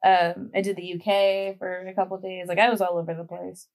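A woman's voice: fairly low pitch, flat delivery, brisk, darkish tone. Chatty young woman guest, fillers galore. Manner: chatty, heavy use of "like" fillers. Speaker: podcast guest. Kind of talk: casual chat.

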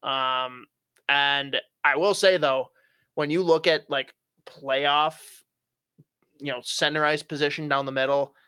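A man's voice: a little high, steady tone, takes it slowly, bright, forceful tone, clean tone, dry recording, clean studio sound. A young man co-hosting a casual hockey chat, opinionated and swearing casually with frequent fillers. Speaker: hockey podcast co-host.

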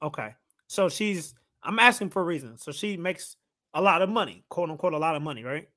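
A man co-hosting a podcast, talking in a chatty, teasing, animated way. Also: sits high, normal speed. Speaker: podcast co-host. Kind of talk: casual podcast chat.

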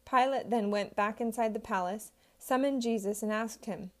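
A woman giving a steady, measured scripted reading of a Bible passage. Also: a little high. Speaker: scripture reader.

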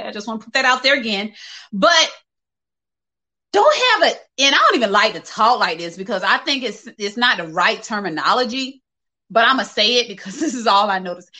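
A working-age woman hosts a casual livestream, reading viewer comments and speaking candidly and directly to her audience with frequent laughter. Her mid-range voice is bright and forceful, though the audio quality is poor.

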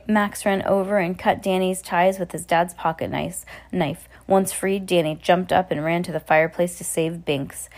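Woman, casual read-aloud to a child at home, lowish, self-correcting. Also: steady tone, moderate pace, few pauses, a little mellow. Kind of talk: reading a storybook aloud.

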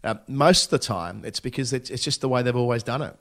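A man's voice: mid-range voice, fast, a bit bright. A man, co-hosting a casual podcast chat, thoughtful and hesitant with many restarts. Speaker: podcast co-host.

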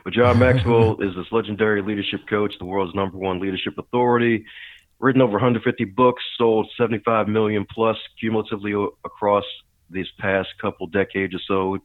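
A man telling a long personal story as a podcast guest and leadership coach, animated and quick to laugh. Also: lowish voice, no room sound. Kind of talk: casual storytelling interview. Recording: tinny phone-like line, dry.

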